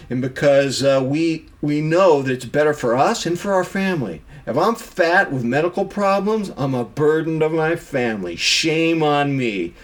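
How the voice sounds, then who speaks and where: Emphatic middle-aged man scolding himself. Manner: emphatic, scolds himself by name in sudden pitch swings. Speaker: vlogger. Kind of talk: self-critical monologue to camera.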